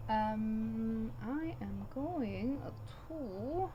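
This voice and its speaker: Player, woman, slow-paced, faint ambience around. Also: on the high side, lively intonation, highs cut off, a little hiss or hum. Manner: slow and hesitant, many ums. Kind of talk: casual game table talk.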